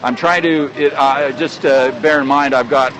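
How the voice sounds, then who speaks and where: A man's voice: mid-range voice, fairly even intonation, normal speed, fairly bright tone. A Canadian man walking through a busy outdoor square, talking into his phone in a rambling, friendly live broadcast with many fillers and restarts. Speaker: travel vlogger livestreaming. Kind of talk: casual live street broadcast. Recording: street noise from traffic. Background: crowd and motorcycles.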